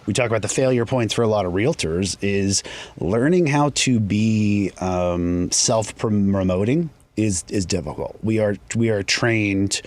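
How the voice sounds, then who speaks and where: A man, a realtor and guest, talking casually on a podcast and telling reflective stories that trail off into softer asides. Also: lowish voice, dry recording. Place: studio.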